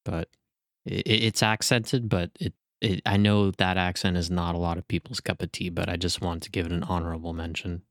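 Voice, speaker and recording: A man chatting as a podcast co-host, speaking in a measured way and explaining at length. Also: low voice, level tone, fairly bright tone, no echo, studio quality. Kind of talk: casual chat.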